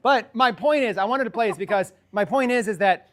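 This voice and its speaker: High-voiced man rambling through a lesson. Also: a little fast. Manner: rambling, repeats himself, animated. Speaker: online sales coach. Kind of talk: casual teaching talk.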